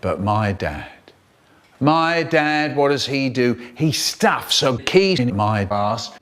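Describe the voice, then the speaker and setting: A man narrating a family story in an animated, theatrical storytelling manner, chopped into a comic mashup. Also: medium pitch, takes it slowly.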